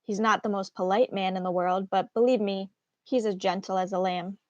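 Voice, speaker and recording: A woman's voice: mid-range voice, fairly even intonation, moderate pace, dry recording, lo-fi sound, close to an everyday voice. A grumpy weary old nurse, read by a woman. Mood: teasing. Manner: complaining, sighing. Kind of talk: read-aloud of a play.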